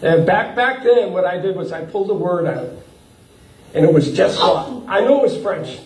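A man preaching a sermon as a pastor, animated, chuckling often and breaking up his sentences with uh and repeats. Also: sits high, moderate pace. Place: church hall. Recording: echoey hall, from far off.

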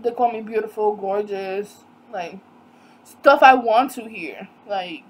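A young woman telling a storytime vlog in a casual, animated way, acting out quoted dialogue with disbelief. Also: mid-range voice, slow pace, low-quality recording. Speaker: vlogger.

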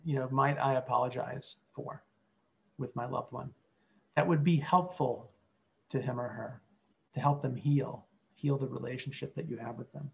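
A middle-aged man, a clinical psychologist, teaching a workshop in an earnest way and modelling calm, empathic replies. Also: mid-range voice, normal speed, creaky, dull audio. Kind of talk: teaching workshop with role-play examples.

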